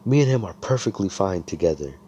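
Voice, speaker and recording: A man's voice: sits low, lively intonation, fast, warm tone, a little hiss or hum. A man doing a flustered, stammering noblewoman. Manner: stammering, defensive. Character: flustered proud young noblewoman.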